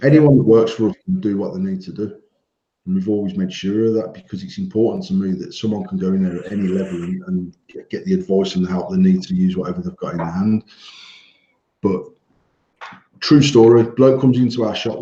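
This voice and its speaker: Sweary bloke telling shop stories. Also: male voice, low voice, a little fast, roomy sound, dull audio. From United Kingdom. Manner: swearing storyteller, animated when telling anecdotes. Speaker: podcast co-host, vape shop owner. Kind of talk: casual banter podcast.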